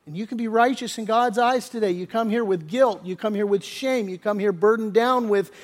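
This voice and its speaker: A man preaching a sermon as pastor, conversational and earnest, often restarting phrases, dropping soft for tender points and rising when reading scripture. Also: sits high, brisk.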